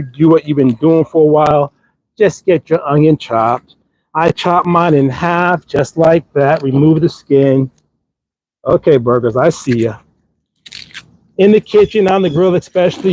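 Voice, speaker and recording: A man's voice: a little high, a little mellow, slight background noise, rough recording. A middle-aged man hosting a live cooking stream, chatting to viewers and coaxing the burgers as he grills outdoors. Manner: upbeat, chatty, talks to the food while cooking. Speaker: cooking channel host. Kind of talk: live grilling demonstration, casual talk to viewers.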